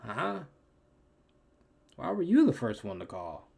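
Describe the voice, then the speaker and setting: A young man giving casual, slangy reaction commentary, his voice swinging between loud outbursts and low mutters. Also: wildly swooping pitch, slow, gravelly, husky. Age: young adult. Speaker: reaction streamer.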